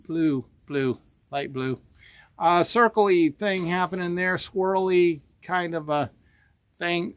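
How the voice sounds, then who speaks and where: A man presents fabrics on a casual sales show, hesitating and hunting for words. His voice sits high and sounds smooth, and he talks at a slow pace. The sound is dry. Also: fairly bright tone, dry recording. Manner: hesitant, many fillers, gropes for words.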